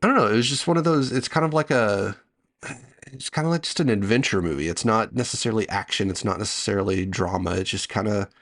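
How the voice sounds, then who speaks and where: A man's voice: lowish voice, fast, fairly bright tone. A man who is a guest on a casual movie podcast, talking in an easygoing, hedging way.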